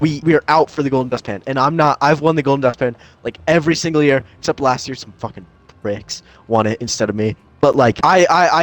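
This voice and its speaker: A man's voice: fairly high pitch, natural voice. Brief: guy doing a bossy, foul-mouthed camp counselor, plain everyday voice, pushy. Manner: bossy, swearing, dramatic threats. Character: hot-tempered male camp counselor, young adult.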